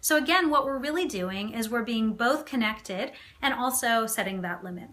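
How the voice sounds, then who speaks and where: Woman coach on a live stream, chatty, bright and forceful, a bit high. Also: normal speed. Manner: chatty, lively, with frequent fillers and tag questions; acts out parent voices in quotes. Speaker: parenting coach. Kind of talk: live video talk to viewers.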